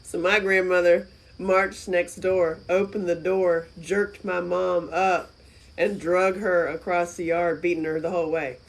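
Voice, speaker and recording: A woman's voice: fairly low pitch, little pitch movement, measured pace, low-quality recording. Chatty woman rambling on a live stream. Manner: chatty, rambling, swings between loud exclamations and soft asides. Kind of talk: casual live-stream chat. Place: friend's house, indoors.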